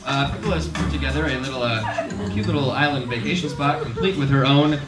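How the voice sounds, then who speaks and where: A man's voice: mid-range voice, fast talker. A man hosting a live comedy show on a theater stage, playful and exaggerated, laughing often. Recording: roomy sound from far off, loud music.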